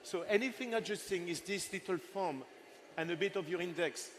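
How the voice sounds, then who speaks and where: A man in his sixties, a chef, runs a live cooking masterclass on stage, talking a little fast in a voice pitched somewhat high for a man. He banters playfully with his helpers and the audience while he cooks. A faint ambient hum can be heard behind him.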